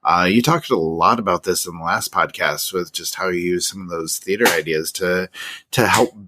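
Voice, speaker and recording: A man with a very low voice hosts a relaxed podcast conversation. He builds his questions slowly and haltingly, working out his thoughts aloud as he speaks. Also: background noise. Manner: halting, thinks aloud while asking. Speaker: podcast host. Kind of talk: casual interview.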